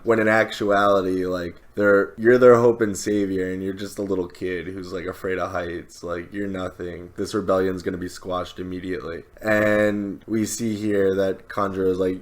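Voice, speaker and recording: A man's voice: low-pitched, little pitch movement, moderate pace, few pauses. A man co-hosting a podcast, retelling a comic chapter in a laid-back, slangy way and briefly voicing the characters. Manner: laid-back, slangy, acts out quotes with a laugh. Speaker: podcast co-host. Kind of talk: casual recap of a comic chapter.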